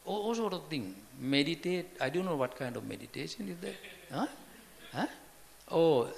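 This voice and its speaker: A man giving an informal Buddhist talk, halting and repetitive, often asking his listeners questions. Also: medium pitch, creaky. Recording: long hall reverb, faint background noise.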